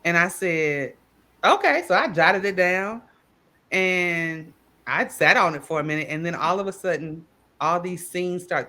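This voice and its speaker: A woman author, chatting casually and telling stories with lively acted-out quotes. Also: low-pitched. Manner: animated storytelling with voiced quotes. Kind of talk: casual panel chat.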